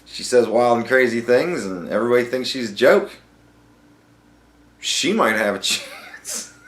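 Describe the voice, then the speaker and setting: Podcast guy ranting and cussing, super lively voice, echoey room. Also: mid-range voice, unhurried, slight background noise. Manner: profane, animated storytelling. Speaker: podcast host. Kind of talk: casual ranting monologue.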